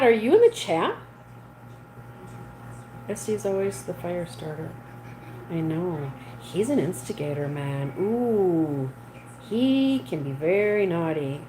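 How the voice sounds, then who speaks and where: A woman's voice: fairly low pitch, lively intonation, takes it slowly, long pauses, noisy background. A woman hosting a casual livestream, chatting with viewers and reading their comments aloud. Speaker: livestream host. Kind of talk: casual live chat with viewers.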